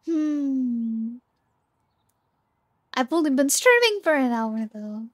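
A woman's voice: sits high, big pitch swings, slow pace, no echo, studio quality. A young woman streaming a game, chatting casually and bubbly with viewers, often giggling. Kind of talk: casual game livestream chat.

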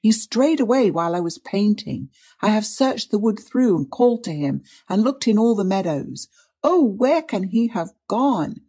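A woman's voice: low voice, expressive, measured pace, few pauses, darkish tone, husky, full character voice. A woman reader voicing a distraught young woman who speaks faintly and stammers through tears. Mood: pleading. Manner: stammering, tearful pleading.

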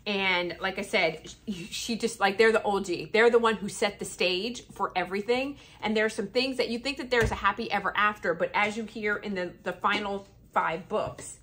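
A woman's voice: mid-range voice, moderate pace, few pauses, a bit bright. A woman chatting casually and enthusiastically about a book series in a review vlog.

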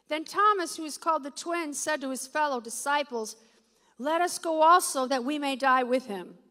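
Female preacher, high and bright, sermon in a reverberant hall, reads scripture and presses the congregation with questions. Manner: reads scripture aloud, questions the audience, builds to loud emphatic declarations. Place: church or meeting hall with an audience.

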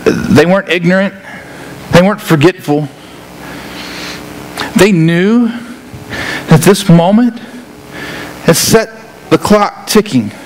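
Pastor guy preaching, fairly high voice, animated, acts stuff out, bit of background hiss. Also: slow, long pauses. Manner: animated, acts out scenes, repeats words. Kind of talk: sermon.

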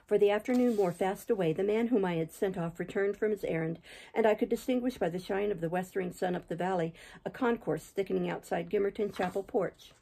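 Woman reading a book out loud, husky low-key voice, steady pace. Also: poor audio. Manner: steady, measured narration. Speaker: reader, channel host. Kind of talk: audiobook reading.

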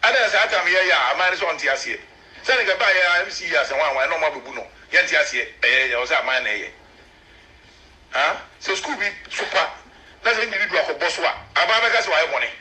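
A man with a Ghanaian accent, a chief's spokesman, explaining customs in an animated, emphatic way to a local news camera. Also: on the high side, fast talker, a little hiss or hum, poor audio.

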